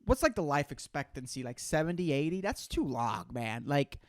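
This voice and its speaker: A man's voice: on the high side, very animated, moderate pace, no echo. Profane young man ranting solo. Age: 20s. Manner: profane, rambling, lots of "dude" and "man". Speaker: podcast host. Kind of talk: solo comedic rant.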